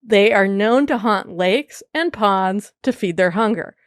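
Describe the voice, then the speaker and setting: A woman's voice: medium pitch, expressive, measured pace, dry recording. A woman hosting a podcast, casually telling spooky folk tales with a playful, laughing manner. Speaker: podcast host. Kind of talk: casual storytelling chat.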